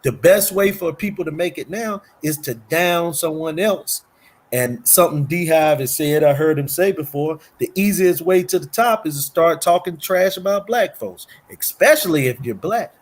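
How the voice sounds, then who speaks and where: Middle-aged man, earnest and repetitive in a loose discussion, voice sitting a little high. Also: moderate pace. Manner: earnest, repeats himself, sprinkles "man" and "you know". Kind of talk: casual talk show discussion.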